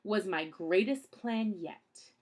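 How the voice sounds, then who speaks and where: A woman voicing a scheming villainous man who gloats slowly and menacingly while she reads a storybook aloud. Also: mid-range voice. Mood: gloating.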